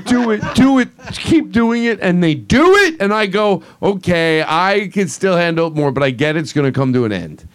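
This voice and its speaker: A man hosting a casual comedy chat, animated and laughing, swinging between loud and soft. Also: medium pitch, clean tone. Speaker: podcast host.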